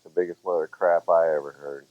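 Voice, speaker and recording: A man's voice: low-pitched, fairly even intonation, a little fast, lightly acted. A man playing a dismissive father, blunt and scoffing. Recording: tinny, phone-like, lo-fi sound.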